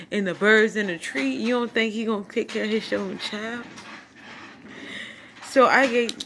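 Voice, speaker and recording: A woman's voice: mid-range voice, noisy background. A tearful woman, giving an emotional casual testimony into her phone at home, laughing and preaching as she talks. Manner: talks through tears, laughing and preaching at once. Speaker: vlogger sharing a testimony. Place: home at night.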